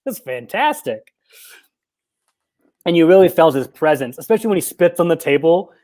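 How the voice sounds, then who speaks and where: A man's voice: fairly high pitch, fast, dark tone. A young man co-hosting a casual podcast, retelling film scenes with quoted bits and frequent laughs. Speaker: podcast co-host.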